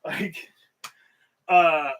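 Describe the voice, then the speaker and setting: A man's voice: on the high side, fairly even intonation, drawn-out words, a bit bright, low-quality recording. A man co-hosting a podcast, telling stories in casual chat with a grumbling, self-deprecating manner. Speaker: podcast co-host.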